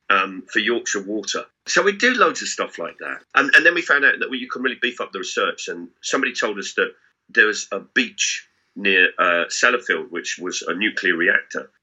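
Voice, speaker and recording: A middle-aged man, telling comic anecdotes as a guest and swearing freely. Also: fairly low pitch. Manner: animated, swearing storyteller. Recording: dull lo-fi sound.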